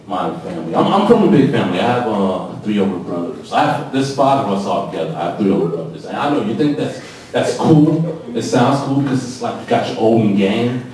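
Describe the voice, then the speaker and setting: A man's voice: lowish voice, expressive, a little fast, darkish tone, distant mic. A man in his twenties doing a loose, profane, rambling stand-up set, tipsy on stage. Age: 20s. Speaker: stand-up comedian. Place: comedy club stage. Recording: echoey club from afar, crowd noise. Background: audience reactions.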